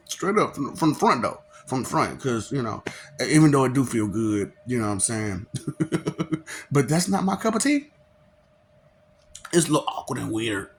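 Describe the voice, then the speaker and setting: A man's voice: medium pitch, sing-song, measured pace, long pauses, slight background noise. A man in a casual, preachy monologue, chuckling often and asking rhetorical questions. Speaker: vlogger.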